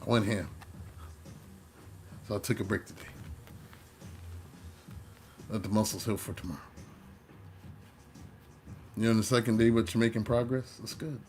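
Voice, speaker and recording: A man's voice: lowish voice, steady tone, moderate pace, long pauses, a little mellow, soft background music. A middle-aged man, a tarot reader, chatting casually and slangily to his livestream viewers. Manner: laid-back, chatty, slangy.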